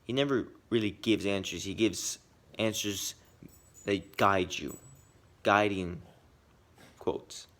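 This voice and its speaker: A man giving earnest personal commentary, swinging between quick bursts and quiet, reflective asides. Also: lowish voice. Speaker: video essayist.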